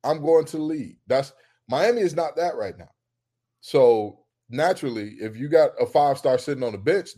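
A man co-hosting a casual sports debate show, arguing his points with heat and climbing into loud, emphatic rants. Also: medium pitch, animated, normal speed.

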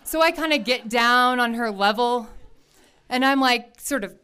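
Woman with a high voice telling a funny story on stage, lots of laughing and doing voices. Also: a little slow, smooth. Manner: animated, laughs often, acts out voices. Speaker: storyteller at a live event. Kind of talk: personal storytelling to an audience.

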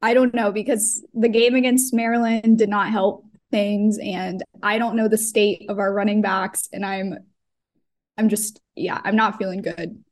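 A woman's voice: mid-range voice, level tone, unhurried, a little mellow. A woman co-hosting a podcast in casual chat, laughing often and hesitating with many fillers. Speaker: podcast co-host.

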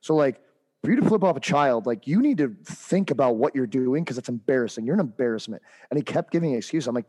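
A man's voice: medium pitch, animated, quick pace, dark tone, slightly rough. A man co-hosting a hockey podcast, telling a heated coaching story in casual chat with lots of fillers and restarts.

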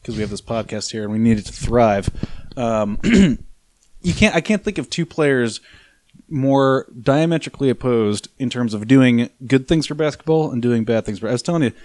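A man's voice: mid-range voice, lively intonation, moderate pace, darkish tone, dry recording. A man co-hosting a casual sports podcast, teasing his partner and laughing easily. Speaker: podcast co-host. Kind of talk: casual chat.

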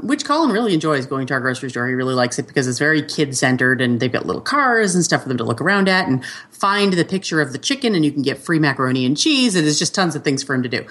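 Lively woman telling a funny parenting story. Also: deep voice. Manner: animated storyteller, acts out quotes. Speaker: podcast co-host. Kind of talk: casual chat.

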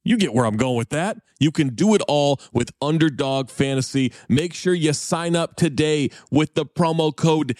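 A man reading a sponsor ad on a podcast in an upbeat, emphatic sales pitch. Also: normal speed, hardly any pauses, a little mellow, no room sound, clean studio sound. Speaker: ad reader. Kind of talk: podcast ad read.

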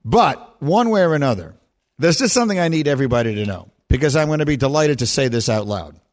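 A man's voice: medium pitch, expressive, fast talker. A middle-aged man hosting a sports radio show, chatting in a self-deprecating, storytelling way. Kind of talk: casual radio talk.

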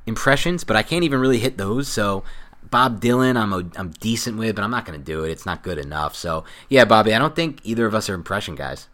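A man's voice: fairly low pitch, animated, fast, a bit bright. A man with a nasal voice co-hosting a sports podcast, chatting casually and explaining at length with teasing laughs. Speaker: podcast co-host.

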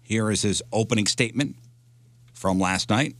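A man's voice: fairly low pitch, moderate pace, background noise. A man hosting a radio show, chatting casually and joking as he reads out news items.

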